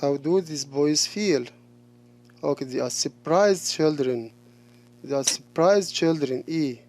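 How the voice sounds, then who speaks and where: Slow, repetitive male English teacher. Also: a little high, darkish tone. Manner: slow, repeats each answer several times, praises answers. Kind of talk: recorded classroom lesson.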